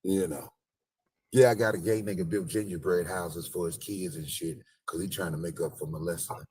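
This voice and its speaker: A man's voice: deep voice, steady tone, moderate pace, a little mellow, husky. A man hosting a live stream from outdoors, joking crudely and rambling in casual street commentary. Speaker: livestream host. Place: outdoors outside a store.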